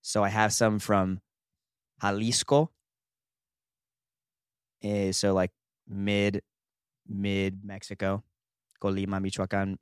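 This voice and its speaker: A man's voice: lowish voice, clean tone, no echo, clean studio sound. A man co-hosting a podcast, chatting casually and playfully, thinking aloud and laughing easily. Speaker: podcast co-host. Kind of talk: casual chat.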